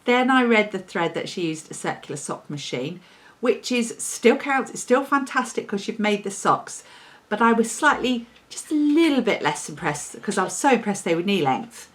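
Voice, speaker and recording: With a sing-song, mid-range voice and a moderate pace, an English podcast host chats casually and brightly to camera, congratulating her listeners. She pauses her upbeat shout-outs now and then to tell off her dog.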